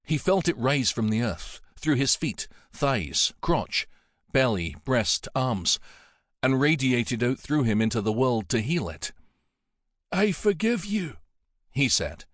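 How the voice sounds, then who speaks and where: A man narrating an audiobook in a measured, dramatic storytelling manner. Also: medium pitch, expressive, a bit bright, no echo, studio quality.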